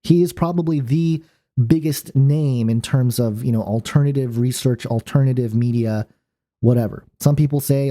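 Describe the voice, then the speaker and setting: Mellow-voiced man rambling on his channel. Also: medium pitch, normal speed. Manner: rambling, many fillers and restarts. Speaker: channel host. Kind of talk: casual monologue.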